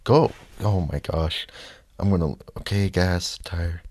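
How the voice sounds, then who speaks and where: A man giving casual gameplay commentary, reacting loudly to the race and muttering frustrated asides. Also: low-pitched, steady tone, slow pace, dry recording. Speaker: let's play gamer.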